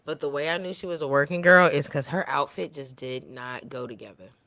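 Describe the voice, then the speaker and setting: A woman's voice: sits low, a little fast, heavy background noise. A woman co-hosting a podcast, telling blunt, slangy stories in a casual chat full of "like". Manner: blunt, slangy storytelling with lots of "like". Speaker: podcast co-host.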